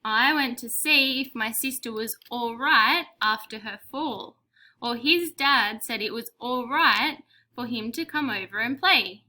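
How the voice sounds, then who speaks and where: Slow, bright-voiced woman teacher. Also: on the high side. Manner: slow, clear, encouraging teacher talk with prompts and praise. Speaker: primary school teacher. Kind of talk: recorded spelling lesson for young children.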